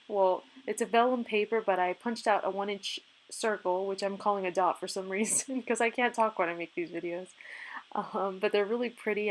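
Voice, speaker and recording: A woman giving a casual, chatty voice-over for her crafting video, upbeat and quick to laugh. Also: mid-range voice. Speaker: craft vlogger.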